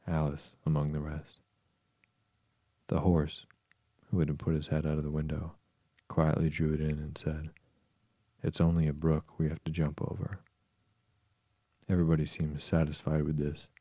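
Deep, gravelly male narrator. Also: warm tone, no echo. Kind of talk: audiobook narration.

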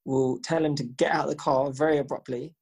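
A man co-hosting a podcast, chatting casually and telling an animated story, swearing freely and acting out the voices of people he quotes. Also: medium pitch, a little fast, breathy edge. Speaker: podcast co-host. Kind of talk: casual chat.

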